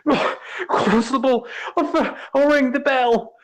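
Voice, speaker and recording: A man voicing a meek, coughing young male bell-ringer who shouts high and tearful from far away in a tabletop game. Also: steady tone, takes it slowly. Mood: grateful.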